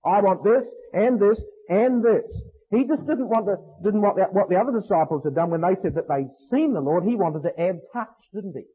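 Male preacher, sermon delivery; mellow, husky tone, leans hard on key words. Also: high voice, lively intonation, rough recording. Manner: emphatic, with stressed slowed phrases and rhetorical questions.

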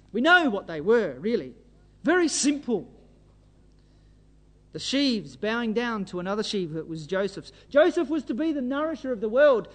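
A man delivers a sermon in an unusually high voice. He preaches with fervour and drives his points home with rhetorical questions. A long hall reverb trails after every phrase. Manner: fervent, exhorting, rhetorical questions.

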